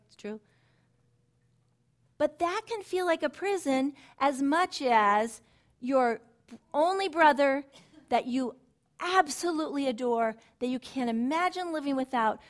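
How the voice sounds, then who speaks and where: A middle-aged woman leads a Bible study in an easy, conversational manner. She tells personal stories, her voice going from gentle and low to eager and emphatic.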